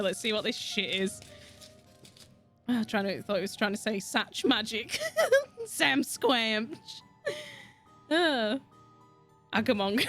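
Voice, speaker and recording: A woman's voice: fairly high pitch, fairly bright tone. Sweary giggly Yorkshire woman streamer. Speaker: streamer with a virtual avatar. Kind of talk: casual gaming stream chat.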